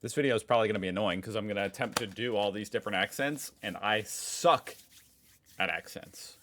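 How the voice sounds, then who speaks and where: Deep-voiced American man reacting casually. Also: a little fast, fairly bright tone, a little hiss or hum. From United States. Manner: chatty, self-mocking, jokey asides. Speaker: reaction video host.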